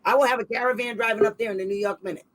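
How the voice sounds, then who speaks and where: Rambling, animated woman hosting a livestream. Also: fairly high pitch, poor audio. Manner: rambling, animated, quick sarcastic asides. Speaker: host of a special education advocacy show. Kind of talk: casual livestream talk.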